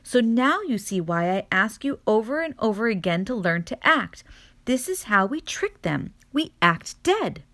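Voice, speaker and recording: A woman reads a storybook aloud in a full character voice pitched above her own, a little high, sing-song, and a bit bright, at a measured pace. She plays a wise, theatrical mother possum lecturing her babies, with a solemn mood.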